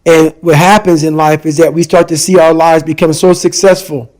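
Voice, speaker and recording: As a podcast guest, a middle-aged man gives a forceful, intense motivational talk, hammering his points through repetition. His pitch is on the high side, with a flat delivery at normal speed.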